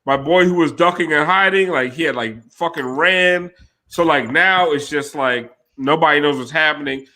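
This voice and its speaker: A man's voice: fairly high pitch, sharp tone. A man telling a rowdy, profane story on a casual chat show, laughing often.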